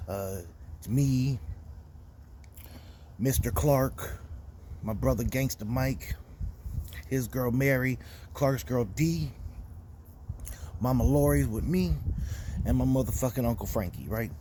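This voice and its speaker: A young Florida man hosting a podcast tells a weekend story, casual and profane, growing heated as he goes. His mid-range, dark-toned voice moves slowly with long pauses over slight background noise.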